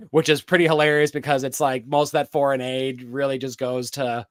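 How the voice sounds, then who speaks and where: A man's voice: mid-range voice, flat delivery, moderate pace, clear, resonant tone, no room sound, studio quality. A man co-hosting a podcast, recapping a TV episode in casual chat, rambling with lots of fillers and restarts. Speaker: podcast co-host.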